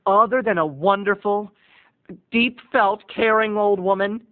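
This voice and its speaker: A man's voice: high voice, fairly even intonation, unhurried, narrow, tinny audio. A man telling a comic family story in a theatrical, dramatic vlog style. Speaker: video blogger.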